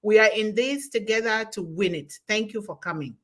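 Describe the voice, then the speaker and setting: A woman in her forties hosting a live online webinar, thanking people and reading out audience comments slowly and effusively over a computer mic. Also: medium pitch, a bit bright.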